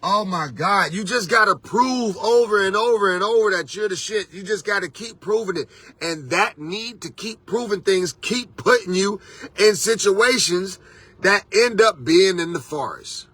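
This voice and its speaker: Husky, bright-voiced male life coach. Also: sits high, a little slow. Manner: preachy, repeats "you understand"; casual street slang. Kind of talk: motivational talk to camera.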